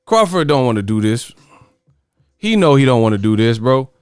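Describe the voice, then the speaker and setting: Animated, exasperated boxing channel host. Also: male voice, medium pitch, normal speed, smooth, dry recording, studio quality. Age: adult. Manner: exasperated, profane, laughing riffs. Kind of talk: casual livestream commentary on chat.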